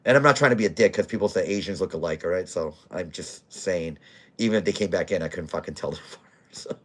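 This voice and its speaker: A man's voice: deep voice, quick pace. A man who manages a bar, telling a rowdy story in blunt, profane casual talk. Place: bar in Scranton, Pennsylvania.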